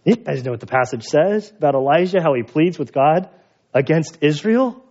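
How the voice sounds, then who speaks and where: A man's voice: fairly high pitch, lively intonation, moderate pace, a little mellow, muffled recording. A man preaching a sermon as pastor, conversational and storytelling, building to emphatic peaks. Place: church sanctuary.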